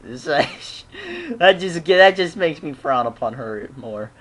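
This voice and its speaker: A fan reviewer giving a casual, chatty episode recap, often clearing the throat and acting out the characters' lines. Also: medium pitch, lively intonation, a little slow, a bit bright. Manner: frequently clears throat and laughs.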